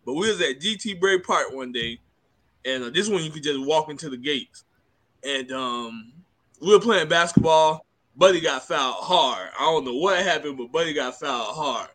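A man with a somewhat high voice takes part in casual podcast banter. He pushes back on the others' points with skeptical questions, then moves into telling his own story. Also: expressive, normal speed, fairly bright tone. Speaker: podcast co-host. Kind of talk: casual chat.

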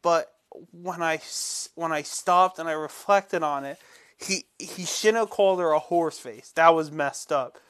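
A man with a somewhat high-pitched voice talks loosely as the host of a casual commentary show. He rambles, backs up and restarts his sentences, and lays out firm opinions. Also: measured pace, fairly bright tone.

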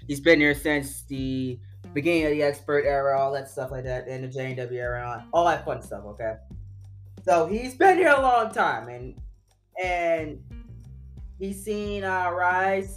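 A man hosting his own channel, talking casually with slang and loose phrasing. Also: on the high side. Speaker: channel host. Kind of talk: casual commentary.

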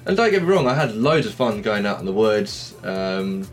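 A man from England telling stories in a relaxed, casual podcast chat. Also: lowish voice, normal speed, soft background music. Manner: relaxed storytelling. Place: shed studio.

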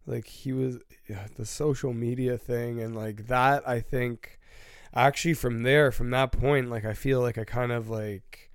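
A man in a casual chat, talking haltingly with many fillers and restarts. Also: medium pitch, fairly even intonation, smooth, no room sound, clean studio sound. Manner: hesitant, halting, full of fillers, apologetic.

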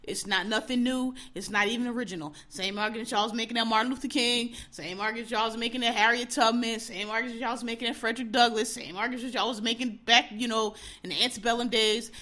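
A young woman hosts her own podcast, ranting with blunt, profane heat and sarcastic mockery. Her voice sits fairly high and rings bright and forceful. She speaks in a casual solo commentary style. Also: steady tone, quick pace, hardly any pauses. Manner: sarcastic mocking impressions of others. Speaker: podcast host.

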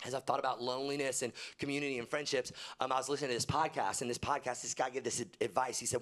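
Animated young male preacher. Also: rapid-fire, hardly any pauses. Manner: animated preaching, jumps high and loud for emphasis, drops low when quoting. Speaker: pastor. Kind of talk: sermon. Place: church auditorium.

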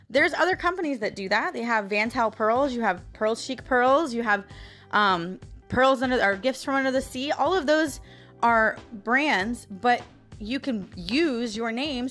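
High-voiced woman venting to listeners. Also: fairly bright tone. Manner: emphatic, frustrated, addresses listeners directly. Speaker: podcast host. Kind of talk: casual venting monologue.

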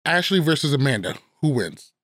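A man hosting a podcast, steering the conversation with playful quick questions. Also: a little high, sing-song, a bit bright, no echo, studio quality. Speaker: podcast host. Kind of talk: casual chat about a reality show.

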